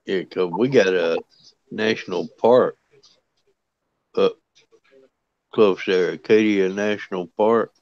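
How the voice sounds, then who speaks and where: A man chatting slowly and easily as a guest on a livestream. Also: deep voice, muffled recording. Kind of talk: casual livestream chat.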